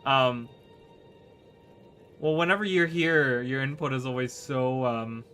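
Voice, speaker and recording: A man's voice: medium pitch, slow, sharp tone, faint music behind. A man streaming a game, chatting casually with his viewers, rambling, tripping over his words and restarting sentences while playing. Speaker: gaming streamer. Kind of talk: casual livestream chat while gaming.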